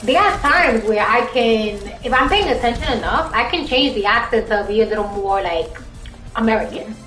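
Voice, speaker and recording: A young woman with a heavy Bronx Puerto Rican accent chats and rambles straight to her stream viewers, her voice pitched a little high. Spanish was her first language. The room is echoey, with faint music playing behind her. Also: animated, normal speed, fairly bright tone. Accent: Bronx Puerto Rican New York. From Bronx, New York. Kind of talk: casual live-stream chat.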